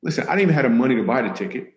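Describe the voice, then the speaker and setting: A man's voice: medium pitch, rapid-fire. A man telling comic stories in a casual chat as a guest, animating them with put-on voices. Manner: animated, acts out other voices. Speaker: comedian guest. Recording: echoey room.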